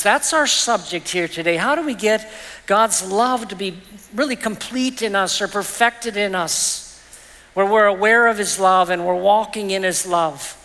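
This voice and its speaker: A man's voice: high voice, a little slow, bright, forceful tone. A middle-aged man preaching a sermon as pastor, earnest and personal, telling stories to make his point. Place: church. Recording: reverberant church hall.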